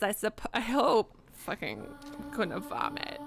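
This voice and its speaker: A woman's voice: fairly high pitch, huge pitch swings, moderate pace, creaky, fairly bright tone, faint music behind. A young woman live-streaming a game, reacting casually with jokes, swearing and playful baby talk.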